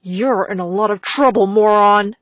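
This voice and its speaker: A woman's voice: mid-range voice, moderate pace, no room sound, lightly acted. A woman voicing a threatening middle-aged male school principal who snaps and gives orders. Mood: menacing. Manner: threatening, snapping, cold. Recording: slightly dull, dry recording.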